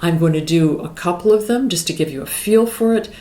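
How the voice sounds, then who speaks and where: A middle-aged woman vocal coach explaining singing warm-ups in a calm, explanatory way. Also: fairly low pitch, fairly quick. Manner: calm, explanatory, breaks into sung exercises. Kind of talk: singing lesson with demonstrations. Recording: echoey room with piano. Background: piano.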